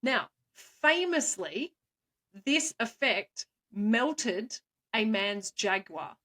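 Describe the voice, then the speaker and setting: A woman co-hosting a podcast, playfully telling stories with quick asides and frequent laughs. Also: fairly high pitch, lively intonation, sharp tone. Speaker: co-host, storyteller. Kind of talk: casual chat.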